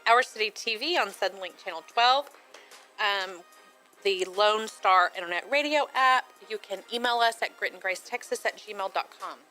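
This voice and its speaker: Bright-voiced woman radio co-host. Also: mid-range voice, faint music behind, low-quality recording. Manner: brisk, reads out contact details plainly. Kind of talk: casual on-air chat.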